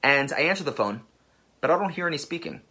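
Male rabbi, emphatic storyteller, husky bright tone, very lively delivery. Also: fairly high pitch, quick pace. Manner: emphatic, building to passionate peaks. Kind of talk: inspirational storytelling talk.

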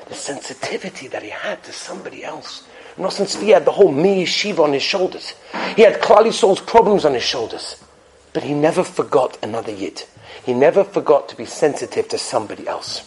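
A man giving a storytelling sermon as a rabbi, animated, swinging between loud emphasis and hushed drops, with Yiddish and Hebrew terms mixed in. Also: on the high side, fairly quick, a little hiss or hum. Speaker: rabbi giving a Torah talk.

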